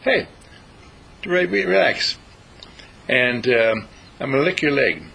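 A man's voice: mid-range voice, lively intonation, slow pace, vocal fry, sharp tone, slightly rough, exaggerated voice, rough recording. A man doing a kindly house cat.

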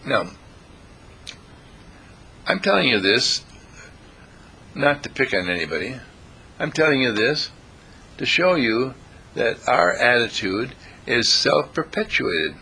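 Brief: male counselor lecturing, animated and gravelly, husky edge. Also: medium pitch, slow, pauses often. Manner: lively, asks the audience questions, acts out quotes. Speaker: counselor giving a talk. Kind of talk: motivational lecture to a live audience.

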